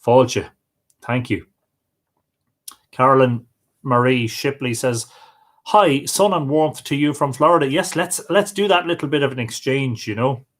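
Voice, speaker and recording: A man's voice: mid-range voice, unhurried, long pauses, fairly bright tone. Man greeting livestream viewers. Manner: friendly, greets viewers by name. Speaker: livestream host. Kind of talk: casual chat reading out viewer comments.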